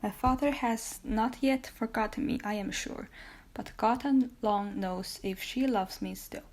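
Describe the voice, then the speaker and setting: A woman's voice: on the high side, measured pace, darkish tone. A woman reading the part of a young male prisoner, pleading fervently in an audiobook. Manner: fervent, imploring.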